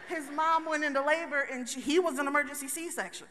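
A woman's voice: high voice, steady tone, a little fast, few pauses, sharp tone. A woman giving a chatty, joking motivational talk to a live conference audience, speaking straight to the crowd. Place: large conference hall. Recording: long reverb of a large hall.

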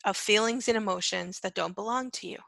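A woman's voice: mid-range voice, brisk, vocal fry, pushed and bright, dry recording, poor audio. A woman teaching on empathy in an earnest monologue, repeating key phrases and checking in with "right?" and "okay". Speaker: empath coach.

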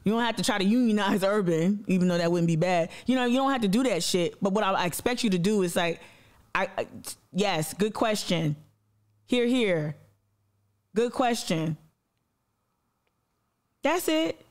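Talking fast in an animated, mid-range voice, a woman hosts a livestream and addresses her audience head-on. She rants bluntly and passionately, cursing and repeating herself, while reading viewers' comments out loud.

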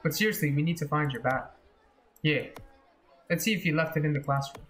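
A man reading the lines of a casual teenage schoolboy in a horror game, plainly and flatly. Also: fairly high pitch, fairly quick, slight background noise, close to an everyday voice. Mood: puzzled.

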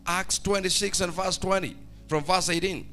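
Bright high-voiced preacher. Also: male voice, steady tone, normal speed. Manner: fervent preaching, swings from shouting to hushed tones, sing-song rises. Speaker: pastor. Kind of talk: sermon. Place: church service.

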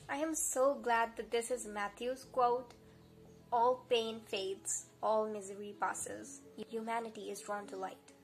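A young woman in a reading vlog, reading quotes aloud and reacting with animated, gushing enthusiasm. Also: a little high. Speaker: book vlogger. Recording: soft music bed behind the voice.

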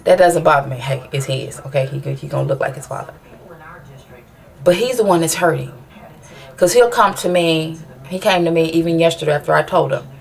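A woman's voice: low voice, brisk, gravelly. A mother venting in a personal vlog, rambling and frustrated, with many restarts as she asks viewers for advice.

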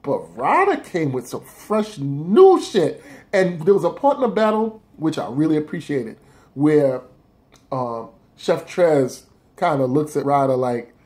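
Man, fairly high voice, profane rambling talk, casual battle rap countdown. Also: big pitch swings, a little slow, darkish tone.

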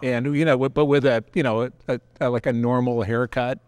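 A man's voice: medium pitch, fairly even intonation, fairly quick, darkish tone, clean tone, no room sound. An older male guest actor, unhurriedly telling a vivid memory from decades ago. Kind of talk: relaxed storytelling.

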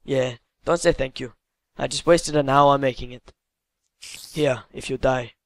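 A man's voice: mid-range voice, steady tone, a little slow, no room sound. An English man hosting a let's play, chatting casually and teasing his co-player. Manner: joking, teasing banter. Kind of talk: casual gameplay chat.

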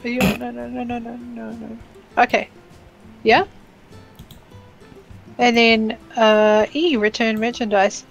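Female co-player, high voice, unhurried, playful and exclaiming. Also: flat delivery, gravelly, highs cut off, faint music behind. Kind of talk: casual gameplay chat.

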